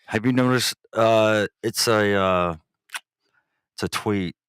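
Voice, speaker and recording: A man's voice: fairly low pitch, slow, fairly bright tone, smooth, no echo. A man co-hosting a podcast in casual chat, giving short reactions and reading posts aloud. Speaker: podcast co-host.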